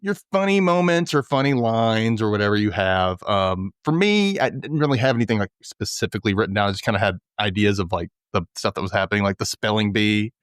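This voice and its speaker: A man co-hosting a podcast, chatting casually about an episode and getting excited as he recalls scenes. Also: a little fast, few pauses, clear, resonant tone, dry recording, studio quality. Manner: excitable, jumps high in pitch when he gets worked up. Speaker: podcast co-host. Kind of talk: casual recap chat.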